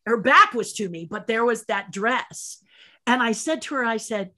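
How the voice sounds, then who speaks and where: An older woman guest telling behind-the-scenes anecdotes in an animated way, acting out the voices with big jumps in pitch. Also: moderate pace. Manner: lively storyteller who acts out voices with big jumps in pitch. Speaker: interview guest, former set designer and puppeteer.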